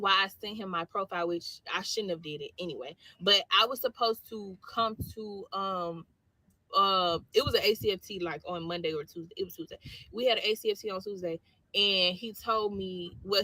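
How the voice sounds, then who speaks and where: Woman, soldier, storytelling vlog clip, lively slangy retelling of dialogue, bright voice, dry close sound. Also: medium pitch, brisk, no room sound.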